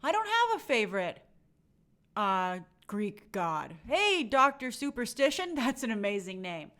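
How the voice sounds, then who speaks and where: A woman's voice: on the high side, very animated, a little slow, a bit bright. Chatty woman hosting a live stream. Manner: chatty, friendly, reads names aloud. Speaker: live stream host reading viewer comments. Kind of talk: casual live chat.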